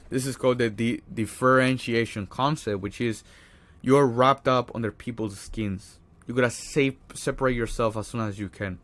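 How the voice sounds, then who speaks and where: A man with an everyday, mid-range voice talks straight to the camera about beating social anxiety. He is casual and blunt, swears freely and keeps checking in with "right?" as he coaches. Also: mid-range voice. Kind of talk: motivational vlog talk.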